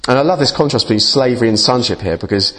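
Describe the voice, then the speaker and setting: A man's voice: mid-range voice, quick pace. A man giving a conversational sermon as a preacher, informal and often restarting his words. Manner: informal, restarts and repeats words, lively asides.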